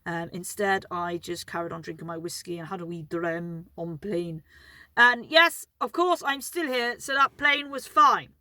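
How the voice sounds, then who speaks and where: Brief: woman storyteller, rambling and cheeky, bright tone, dry close mic. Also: fairly low pitch, a little slow, no room sound. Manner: rambling, chatty, swears freely, laughs at herself. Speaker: vlogger telling stories. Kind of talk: casual anecdotal storytelling.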